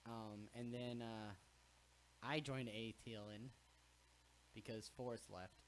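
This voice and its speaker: A man's voice: mid-range voice, slow, slight background noise. A young man hosting a podcast, telling stories in a casual chat, swearing freely and acting out what people said. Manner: animated storyteller, swears freely, acts out quotes. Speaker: podcast host.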